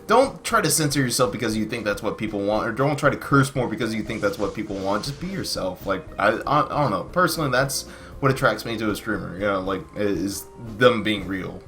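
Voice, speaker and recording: A man's voice: lowish voice, animated, brisk, a bit bright, faint music behind. Rambling podcast host, man. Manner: rambling, many fillers and restarts. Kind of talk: casual podcast chat.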